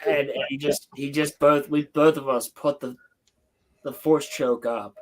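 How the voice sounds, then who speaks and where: A young man hosting a livestream from home, telling a story in an excited, rambling way with casual swearing. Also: fairly high pitch, unhurried. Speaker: livestream host. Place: home, building Lego on stream.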